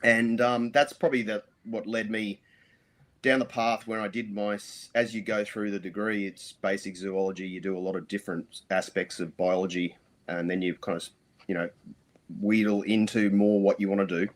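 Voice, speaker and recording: A man's voice: fairly low pitch, little pitch movement, normal speed. A middle-aged Australian man, a podcast guest, telling rambling stories full of ums and restarts. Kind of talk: casual interview storytelling.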